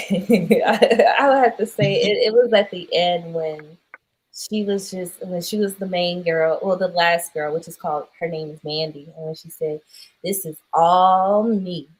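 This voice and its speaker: A woman's voice: fairly low pitch, fairly even intonation, moderate pace, rough recording. A young woman with a New Orleans accent, a guest actress chatting casually in an interview and laughing often.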